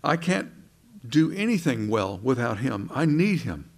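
A man's voice: medium pitch, very animated, unhurried, gravelly. Earnest man preaching a sermon. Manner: earnest, preaching with swings between soft and emphatic; conversational, asks the congregation questions.

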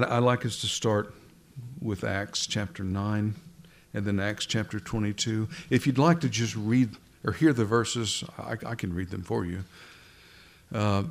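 A man preaching a sermon in a conversational way, speaking directly to his listeners and often restarting his words. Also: fairly low pitch.

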